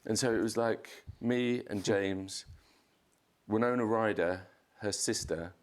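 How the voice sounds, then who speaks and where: A man, a podcast guest, telling a chaotic anecdote in casual chat, swearing and jumping up in pitch to act out quotes. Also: takes it slowly. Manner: animated storyteller, swears, acts out quotes in a raised voice.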